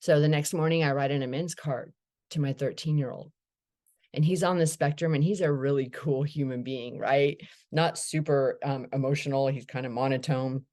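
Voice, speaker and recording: A middle-aged woman candidly sharing her recovery story, telling it as a lively anecdote with acted-out dialogue. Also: a bass voice, normal speed. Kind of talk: personal recovery talk.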